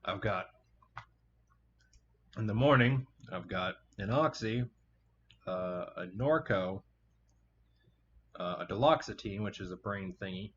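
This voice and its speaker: A man's voice: fairly low pitch, takes it slowly, long pauses, a bit bright, slight background noise. A man hosting a casual podcast chat, rambling and swearing freely with lots of fillers. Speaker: podcast host. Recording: muffled lo-fi home recording.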